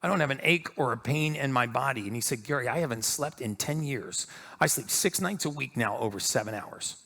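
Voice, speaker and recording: A man on stage telling a story in a lively way, acting out the voices of the people in it. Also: mid-range voice, brisk, vocal fry. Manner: animated storyteller acting out quotes. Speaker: speaker. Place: stage before an audience.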